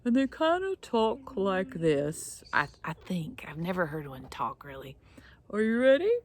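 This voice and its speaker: A woman with a low, expressive voice teaches young children, leading counting games. She's playful and encouraging, speaking slowly in a sing-song way.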